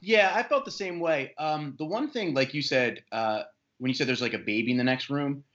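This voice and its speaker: A man's voice: mid-range voice, lively intonation, normal speed, a bit bright. A man chatting candidly as a podcast guest, joking about fatherhood. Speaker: podcast guest, dad blogger. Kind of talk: casual chat. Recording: dull lo-fi podcast audio.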